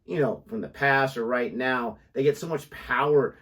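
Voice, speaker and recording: A man's voice: mid-range voice, normal speed, fairly bright tone. A man in casual chat on a reaction video, candid and given to sarcastic asides.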